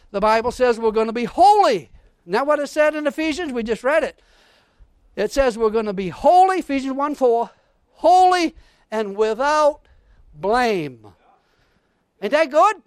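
A man preaching a fervent sermon in a strikingly high voice. He reads scripture with rising excitement and keeps calling out to his congregation for a response. The sound is dry and close, with no room echo. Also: unhurried, pauses often, smooth. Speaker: pastor.

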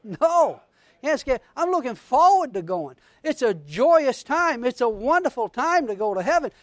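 A man preaching a sermon as pastor, fervent and calling out to his congregation, reading scripture with rising excitement. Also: extremely high pitch, normal speed, no echo, studio quality.

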